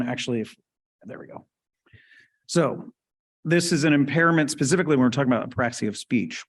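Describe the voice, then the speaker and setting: Casual man lecturing, "right?" after each point. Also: mid-range voice. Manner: explains casually, checks in with frequent "right?", asks the audience questions. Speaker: webinar presenter. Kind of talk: conversational lecture.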